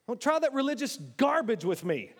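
A man preaching a sermon in a church, animated, swinging between loud, high exclamations and low, quiet asides. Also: fairly quick. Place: church sanctuary. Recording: long hall reverb.

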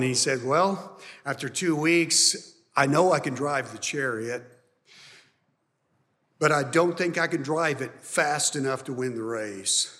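A man preaching a sermon, emphatic and climbing high and loud on key points, then dropping soft. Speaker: pastor. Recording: long hall reverb.

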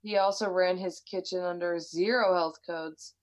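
A woman's voice: fairly low pitch, steady tone, normal speed, poor audio. A woman with an American accent, casually chatting and reading a listener's story aloud, laughing often and swearing freely. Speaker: podcast co-host.

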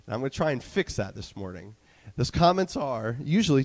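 A man from New York preaching a casual sermon as a church's student director, talking fast with many fillers while a bit stuffy from a cold. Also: mid-range voice, sing-song, darkish tone, long reverb tail. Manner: quick-talking, chatty, many fillers and restarts. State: stuffy, getting over a cold. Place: church sanctuary.

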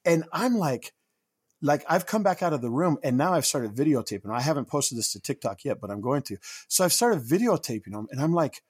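A man co-hosting a podcast, telling a story in casual chat with animated, rising indignation. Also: fairly high pitch, fairly quick, breathy edge. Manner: animated, rising to loud indignation when quoting himself. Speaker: podcast co-host.

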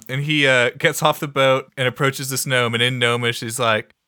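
A man's voice: mid-range voice, normal speed, pushed and bright, no echo, studio quality. A man playing a tabletop game, joking and swearing casually. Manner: joking, profane. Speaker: player.

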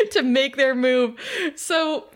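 A woman co-hosting a podcast, recapping an episode in animated casual chat, laughing often and swearing. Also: high-pitched, very slow. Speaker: podcast co-host.

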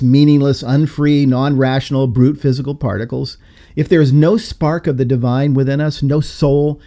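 A man's voice: on the high side, mellow. A man hosting a podcast discussion, talking in an emphatic, lecturing way. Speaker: podcast host.

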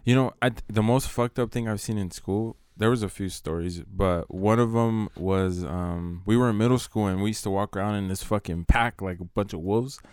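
A man's voice: lowish voice, moderate pace, hardly any pauses, darkish tone, smooth, no room sound, clean studio sound. Laid-back, cussing man telling school stories. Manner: profane, laid-back storytelling with frequent "dude". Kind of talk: casual storytelling chat.

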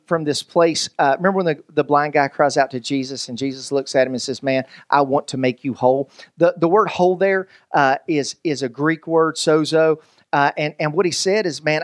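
A man preaches with a high-pitched voice, joking with the congregation as if chatting with friends. He backs up and restarts his sentences often as he works toward a point. The sound is dry and close, with no room echo. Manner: conversational, joking, many restarts. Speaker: pastor. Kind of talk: sermon.

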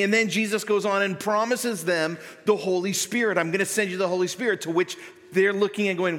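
A man preaching a sermon as pastor, talking in a conversational way and growing animated when he voices the disciples. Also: high voice, fairly quick. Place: church sanctuary. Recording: long hall reverb.

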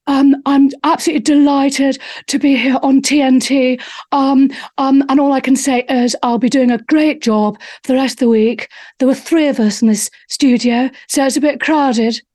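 A woman putting on an impression of a late princess, speaking softly and sweetly. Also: sits high, fairly even intonation, normal speed, no room sound. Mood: delighted. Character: late princess, soft breathy royal woman. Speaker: host doing an impression.

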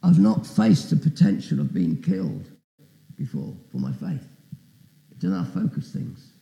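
A man's voice: fairly high pitch, huge pitch swings, unhurried, creaky, dark tone, reverberant, dull audio. A man preaching as a guest speaker, telling a story with asides and questions to the audience. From Britain. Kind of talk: testimony sermon.

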